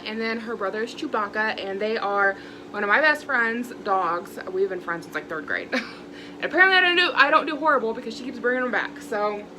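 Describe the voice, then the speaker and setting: A woman's voice: fairly high pitch, noisy background. Frustrated chatty woman vlogging. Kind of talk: casual vlog chat.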